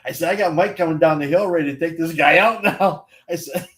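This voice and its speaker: An older man, a guest recalling umpiring days in casual chat, halting and often drifting quiet. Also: on the high side. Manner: halting, many restarts and fillers, quiet trailing lines.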